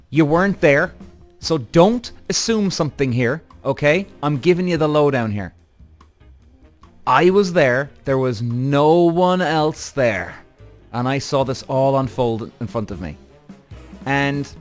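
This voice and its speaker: A man hosting a podcast, telling a story in an animated, swearing rant aimed straight at his listeners. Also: on the high side, measured pace, soft background music. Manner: animated, addresses audience directly, frequent swearing and acted-out quotes. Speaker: podcast host.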